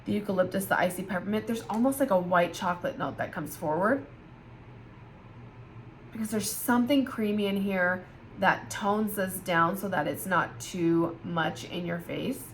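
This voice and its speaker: A woman's voice: mid-range voice, moderate pace, a little hiss or hum. A tired woman chatting casually and with gushing enthusiasm as she reviews scented candles for her viewers. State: tired, yawning. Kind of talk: casual product review vlog.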